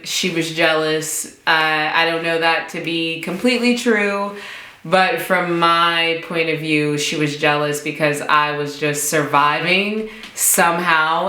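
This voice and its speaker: Young woman, storytime vlogger, low bright voice, animated quoted dialogue, echoey room. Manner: animated, acts out quoted dialogue with jumps in pitch. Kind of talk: casual storytime.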